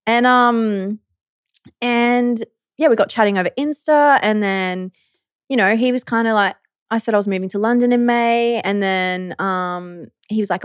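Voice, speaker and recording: A woman's voice: mid-range voice, moderate pace, dry recording, studio quality. A young woman co-hosting a podcast, an easygoing, supportive storyteller in casual chat. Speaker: podcast co-host.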